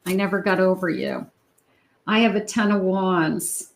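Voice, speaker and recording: A woman giving a tarot love reading, talking slowly and musingly to her viewers. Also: fairly low pitch, gravelly, a little hiss or hum, poor audio. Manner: slow, musing, talks to the viewer. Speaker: tarot reader.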